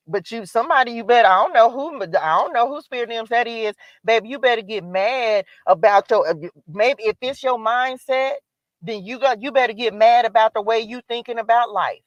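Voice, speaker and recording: A woman's voice: on the high side, a little fast, no room sound. Woman preaching hard at her live audience. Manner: emphatic, preachy, repeats calls to action. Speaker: spiritual live-stream host. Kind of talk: motivational spiritual talk. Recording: dull lo-fi dry sound.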